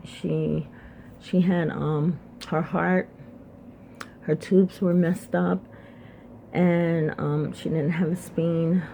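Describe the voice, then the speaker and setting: Middle-aged woman, personal testimony vlog, earnest, repeats herself, low and mellow, unhurried. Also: slight background noise. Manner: earnest, repeats phrases for emphasis. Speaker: vlogger sharing her life story.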